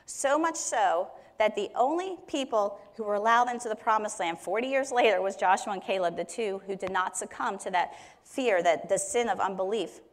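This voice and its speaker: A woman's voice: mid-range voice, moderate pace, hardly any pauses. A woman teaching on Scripture in a conversational way, explaining verses with everyday examples. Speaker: Bible teacher. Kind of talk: Bible teaching talk.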